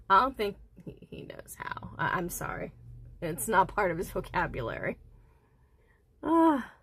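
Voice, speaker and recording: A woman hosting a casual crochet livestream, counting stitches softly under her breath and chatting with viewers. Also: mid-range voice, sing-song, unhurried, pauses often, breathy edge. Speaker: livestream host.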